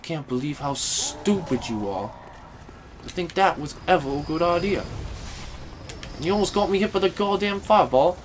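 Angry gamer guy ranting and cussing, kinda high voice, some hiss in the back. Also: animated, normal speed, pauses often. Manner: furious, swearing, swings from yelling to muttering. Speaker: gaming video host. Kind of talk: angry let's-play commentary.

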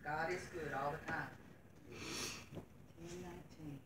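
A woman's voice: deep voice, steady tone, a little slow, noisy background. A middle-aged woman, giving a Sunday school lesson in church in an earnest, folksy way, reading scripture aloud. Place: church room. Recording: echoey room from far off.

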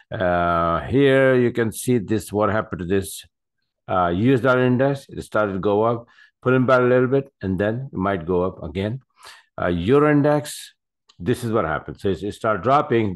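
A man with a very low, deep voice gives casual commentary on his trades from his desk. He rambles, stops for fillers and often corrects himself mid-sentence. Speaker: forex trader. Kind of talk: casual screen-share trading commentary.

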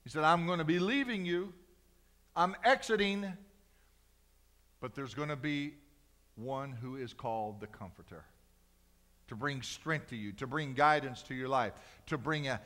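A male pastor preaching a sermon in a church, swinging from loud cries to hushed, slow emphasis. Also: mid-range voice, in a large hall. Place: church sanctuary.

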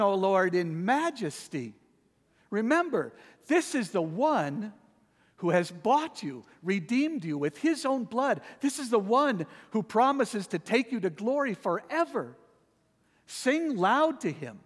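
A man preaching a sermon in a church, swinging from a soft hush to loud proclamation. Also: high voice, big pitch swings, slow pace, long reverb tail. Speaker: pastor. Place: church sanctuary.

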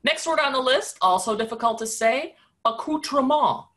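A woman's voice: high-pitched, a little fast, fairly bright tone. Wry, opinionated woman host. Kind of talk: casual web conference discussion.

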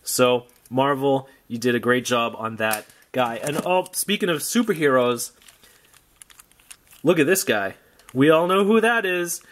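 A man's voice: mid-range voice, animated, measured pace, a bit bright. Wry man rambling through a toy unboxing. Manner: rambling, wry, jokey asides. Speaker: toy collector vlogger. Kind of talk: casual unboxing commentary.

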